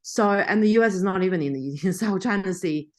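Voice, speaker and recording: A woman's voice: medium pitch, brisk. A woman explaining a point casually, voice rising for emphasis.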